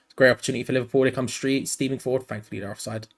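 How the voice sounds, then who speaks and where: Male host, tired, live fan commentary over a match, loose and rambling, medium-pitched voice. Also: steady tone, racing, creaky. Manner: rambling and frank, cutting between play-by-play and asides. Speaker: host of a fan channel watch-along.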